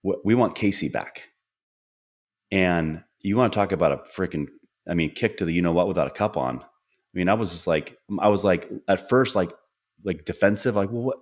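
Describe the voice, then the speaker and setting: A middle-aged man with a low-pitched voice hosts a relaxed podcast conversation. He talks earnestly and slips into short acted-out lines of dialogue while telling stories about his family. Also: fairly quick. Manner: earnest, storytelling, acts out quoted dialogue. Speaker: podcast host. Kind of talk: casual conversational interview.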